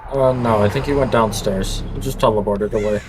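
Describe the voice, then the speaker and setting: A man's voice: fairly low pitch, fairly even intonation, fairly quick, a little hiss or hum. A man chatting with teammates during a multiplayer game, swearing and venting his frustration. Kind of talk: casual gaming chat.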